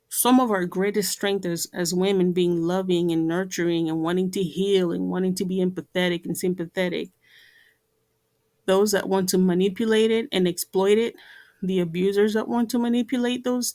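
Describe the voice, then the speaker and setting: A woman's voice: fairly low pitch, a little mellow. A woman giving an earnest talk to camera, repeating herself and using many fillers. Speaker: vlogger.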